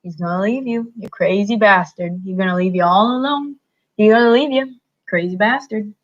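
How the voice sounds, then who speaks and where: A woman's voice: mid-range voice, normal speed, close to an everyday voice. A woman voicing a scornful giant male rabbit that taunts and sneers, in a slightly muffled recording. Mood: taunting softly. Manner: sneering, harsh.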